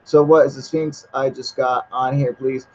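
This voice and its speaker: A man's voice: mid-range voice, flat delivery, moderate pace, darkish tone. Buzzed guy cussing his way through a live stream, kinda muffled lo-fi mic, faint hiss. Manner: heavy swearing, laid-back, reads chat aloud. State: a little high and drunk. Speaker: livestream host. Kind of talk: casual rambling livestream chat.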